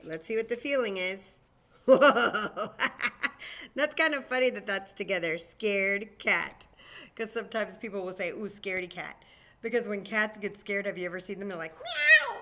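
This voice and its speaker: Bright-voiced children's librarian at story time. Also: female voice, medium pitch. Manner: animated, speaks slowly and simply to young children.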